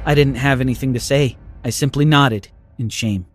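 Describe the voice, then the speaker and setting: A man narrating a scripted first-person story in an expressive, dramatic way. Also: mid-range voice, moderate pace, hardly any pauses, no echo, soft background music.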